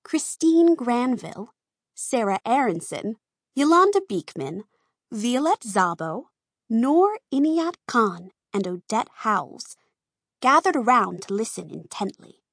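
A woman reading a children's storybook aloud, slow and expressive. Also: a little high, creaky, breathy edge, no room sound, clean studio sound. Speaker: narrator.

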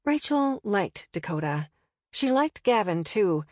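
A woman's voice: mid-range voice, big pitch swings, takes it slowly, dry recording, clean studio sound. Wry woman narrating an audiobook. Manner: wry and conversational.

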